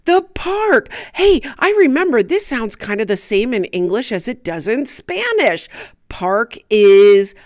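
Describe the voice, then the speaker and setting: An excitable little boy, voiced by a woman, gasping with delight and fumbling his new words. His voice sits high and bounces around, unhurried, and the recording is close and dry. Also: no room sound. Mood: excited. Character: eager, forgetful little boy, Andy. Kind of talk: children's bilingual lesson.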